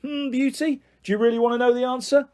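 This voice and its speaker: A man's voice: very high-pitched, steady tone, quick pace, a little mellow, voice pushed up. A man voicing a bullying middle-aged father who coaxes and sneers in a taunting, menacing way. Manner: taunting, mock-jovial then harsh.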